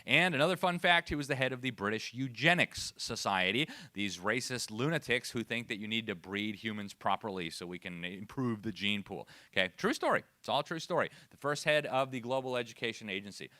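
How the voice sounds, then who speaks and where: A man giving a lively, sarcastic lecture to a live audience. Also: lowish voice, fairly quick, few pauses, no room sound. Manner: sarcastic, animated, laughs at own asides. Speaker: speaker at education event.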